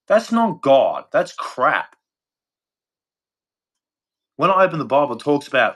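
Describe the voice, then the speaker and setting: A man's voice: medium pitch, animated, normal speed, fairly bright tone. Blunt Australian man ranting. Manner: blunt, rambling, swears freely. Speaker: vlogger. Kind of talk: casual opinion rant to camera.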